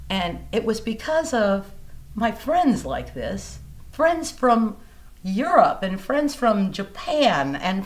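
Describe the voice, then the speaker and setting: Her voice in the mid-range, a woman blues singer chats casually at a music museum interview. She tells stories with plenty of animation, acting out whoever she's quoting.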